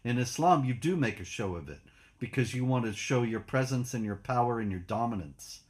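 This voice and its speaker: A man hosting a casual political discussion, speaking in a measured, matter-of-fact way. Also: mid-range voice, animated. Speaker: host.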